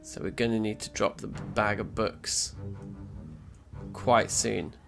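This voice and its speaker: A man's voice: lowish voice, takes it slowly, vocal fry, over music. A man narrating his game session as a let's play host, chatty and self-mocking, thinking aloud as he plays. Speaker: gaming channel host.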